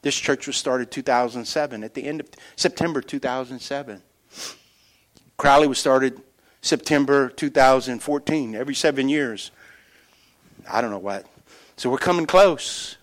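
A middle-aged man preaching a sermon as pastor, telling stories with animated energy and dropping to quiet, earnest emphasis. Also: mid-range voice, moderate pace. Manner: animated storytelling that shifts between loud excitement and quiet earnest emphasis.

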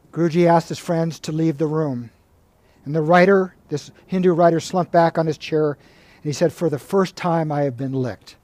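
A monk giving a spiritual talk, with a fairly high yet mellow, warm voice. He tells stories calmly and at an even, measured pace. The sound is dry and close. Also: no room sound. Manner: calm, measured storytelling with reading aloud of quoted passages.

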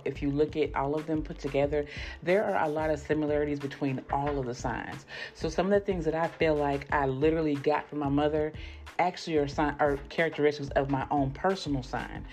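A woman's voice: low voice, a little mellow. A woman hosting a podcast, talking casually and informally to her listeners and often checking in with "right?". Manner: chatty, keeps checking in with "right?"; addresses listeners directly, informal. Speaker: podcast host. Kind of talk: casual spiritual talk.

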